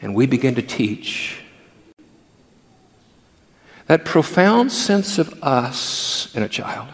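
A man's voice: mid-range voice, big pitch swings, takes it slowly, big-room sound. An older male pastor who gives a sermon through playful anecdotes about family life.

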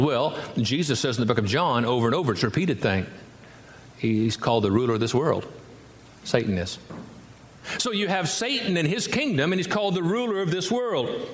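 A male pastor preaching a sermon, emphatic and repetitive, with wide swings between low and high delivery. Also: a little hiss or hum. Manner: emphatic, repeats words for effect, wide swings in pitch. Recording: echoey hall, faint ambience.

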